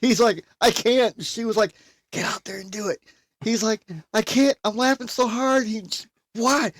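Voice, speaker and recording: A man's voice: sits high, steady tone, moderate pace, no room sound, clean studio sound. A man casually telling a funny family story, laughing often as he goes. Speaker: storyteller guest.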